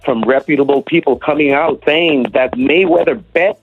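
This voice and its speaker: Husky man on a tinny radio line. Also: fairly high pitch, normal speed, soft background music. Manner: dismissive, firm opinions. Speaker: boxing figure on a radio interview. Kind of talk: radio interview.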